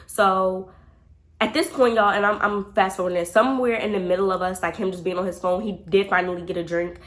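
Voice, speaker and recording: A young woman vlogger telling a dating story in casual chat, animated and profane, talking to her viewers as y'all. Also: mid-range voice, a little fast.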